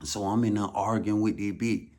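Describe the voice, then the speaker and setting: A man with an Atlanta Southern accent tells a story in a low, somewhat deep voice. His talk is loose and full of slang, and he leans on repeated words for emphasis. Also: steady tone, normal speed, darkish tone. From Atlanta, USA. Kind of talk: casual storytelling.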